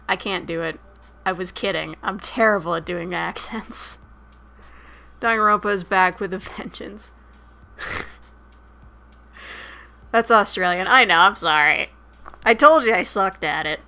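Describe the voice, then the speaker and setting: A woman's voice: medium pitch, measured pace, vocal fry, long pauses, pushed and bright. A woman streaming a dating sim, chatting casually, swearing freely and reading the game text aloud between her asides. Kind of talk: casual gameplay commentary.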